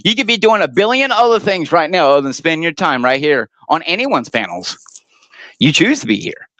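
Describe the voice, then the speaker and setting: A man's voice: a little high, big pitch swings, a little fast, pushed and bright, no room sound, poor audio. A man ranting and taunting others during a heated online panel argument, swearing often. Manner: profane. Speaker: panel guest.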